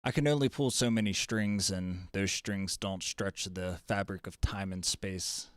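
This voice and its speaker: A man's voice: low-pitched, fairly even intonation, a little slow, clean tone, no echo, clean studio sound. A man voicing a fond, wise mage father. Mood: fond, encouraging. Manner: fond, gently teasing, fatherly. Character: kindly middle-aged father, respected male mage.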